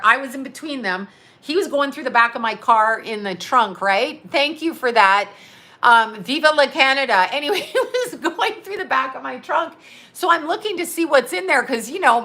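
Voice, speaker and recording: A middle-aged woman tells a meandering story on a casual livestream, laughing often and cursing freely. Her voice sits a little high, with a bright, forceful edge. She drifts off topic and reads replies out as she goes. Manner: rambling, chatty storytelling with frequent laughs and swearing. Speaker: psychic medium and astrologer. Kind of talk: casual livestream chat reading comments.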